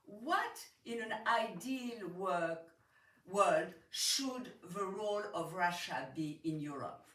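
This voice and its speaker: A woman's voice: medium pitch, expressive, slow, fairly bright tone. A Swiss woman with a French accent asking a long question from the audience, earnest, with light laughs and hesitant fillers. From Switzerland. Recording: echoey hall, distant mic, faint noise.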